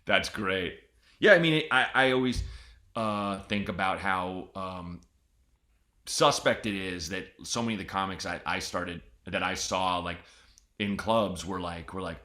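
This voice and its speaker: A man hosting a comedy podcast, rambling and animated, often breaking into mocking voices. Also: low-pitched, a little slow. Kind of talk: casual podcast chat.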